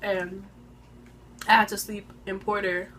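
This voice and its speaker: A woman of twenty-one telling a casual storytime on her own channel, animated and slang-heavy, eating while she talks into a phone camera. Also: medium pitch, slow. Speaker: vlogger.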